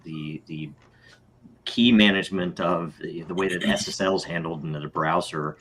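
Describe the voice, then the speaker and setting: A man's voice: sits low, fairly even intonation, normal speed, fairly bright tone, slight background noise. A man co-hosting a casual roundtable chat, hesitant and searching for words. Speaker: co-host.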